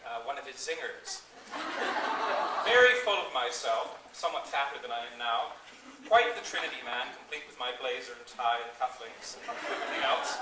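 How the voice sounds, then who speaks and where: Middle-aged priest, echoey hall. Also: male voice, on the high side. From Canada. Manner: wry anecdotal storytelling. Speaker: associate priest. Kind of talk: retirement party speech. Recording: echoey distant recording with noise.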